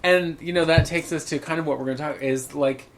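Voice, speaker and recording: A man's voice: a little high, steady tone, quick pace. A man co-hosting a podcast, telling stories in a candid, profane, casual chat. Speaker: podcast co-host.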